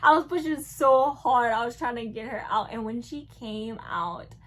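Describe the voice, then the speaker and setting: A young woman, telling a casual storytime vlog. She swings between hushed and loud. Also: fairly high pitch, normal speed, a little hiss or hum. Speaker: vlogger.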